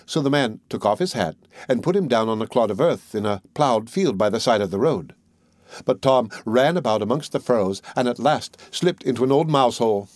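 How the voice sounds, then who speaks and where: A male audiobook narrator with a voice of ordinary middle pitch, telling a fairy tale in a measured, even way. The recording is close and dry, with no room echo. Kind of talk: storybook narration.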